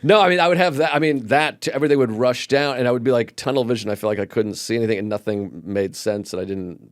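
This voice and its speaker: A man's voice: mid-range voice, fast talker, no room sound, studio quality. A man who is a comedian, guesting on a podcast and speaking frankly and self-deprecatingly. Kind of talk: candid conversation.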